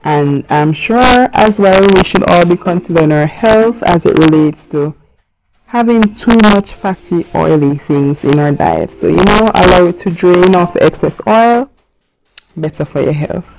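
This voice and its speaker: A woman's voice: lowish voice, animated, moderate pace, creaky, a little mellow, low-quality recording. A woman giving a casual cooking voice-over, chatty and talking straight to her viewers. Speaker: cooking channel host.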